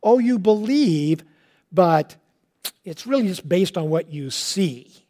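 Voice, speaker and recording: A preacher voicing Jesus, plain-spoken and direct. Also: male voice, sits high, expressive, slow, warm tone. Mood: rebuking. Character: earnest male teacher rebuking a crowd.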